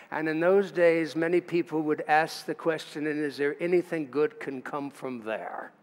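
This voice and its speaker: A pastor with a slightly high voice preaches a sermon in a church sanctuary at a moderate pace and with few pauses. He is chatty and makes asides to the congregation. The church livestream carries a long hall reverb.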